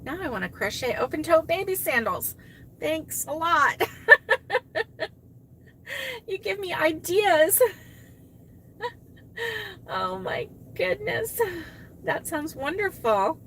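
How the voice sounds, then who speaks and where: Gushing chatty woman, bright voice. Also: very high voice, big pitch swings, slow pace, gravelly, pauses often, slight background noise. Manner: gushing, exclaims and gasps, laughs often. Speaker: crochet channel host reading live chat. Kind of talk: casual live-stream chat.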